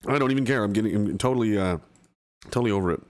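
A man's voice: on the low side, very fast. A man hosting a livestream, reading out chat and rambling casually, swearing and full of fillers and restarts.

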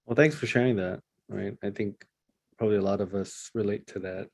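A man leading a casual Bible study discussion, talking in a halting way with many fillers and restarts. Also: on the low side, fairly even intonation, a little mellow, slightly rough, no echo.

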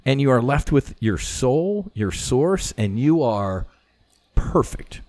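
A middle-aged man, a former fighter pilot, telling stories as a podcast guest in a casual, animated way, swearing freely and full of "you know" fillers. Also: mid-range voice, slow pace, dry recording. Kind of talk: casual conversational storytelling.

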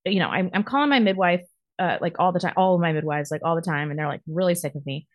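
A woman co-hosting a podcast, telling a story in a profane, animated way and acting out other people's lines. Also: on the low side, fast, dry recording, muffled recording. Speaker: podcast co-host. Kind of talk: casual storytelling.

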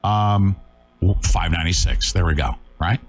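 A man's voice: deep voice, measured pace, faint music behind. A middle-aged man hosting a live talk show, talking urgently and emphatically, scolding his viewers.

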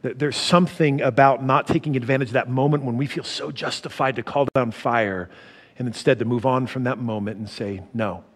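A middle-aged man preaching a sermon, animated, laughing often and swinging from loud to soft. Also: mid-range voice, brisk. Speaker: pastor.

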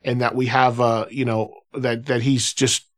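A man's voice: mid-range voice, a little slow. A man who hosts a radio show, telling anecdotes in a loose conversational way, often restarting and filling with "you know.". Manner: animated anecdotal telling, filler-heavy with restarts. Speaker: radio host. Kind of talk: casual conversational storytelling.

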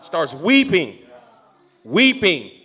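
A male pastor with a high-pitched voice tells a story in the middle of his sermon. He is animated throughout and slips into the voices of the people he describes. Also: extremely slow, slightly rough.

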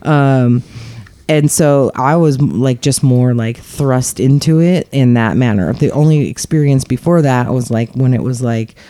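A woman's voice: very deep voice, a little slow, warm tone, no echo. A woman talking frankly in a casual podcast chat, chatty and laughing often.

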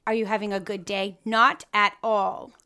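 A woman co-hosting a podcast, playful and quick to finish her friends' sentences. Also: medium pitch, level tone, sharp tone, smooth. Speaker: podcast co-host. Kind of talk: casual chat.

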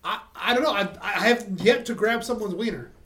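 A man's voice: sits high, fairly quick, bright, forceful tone. A man in casual chat among friends, self-mocking, swearing freely and stammering as he jokes.

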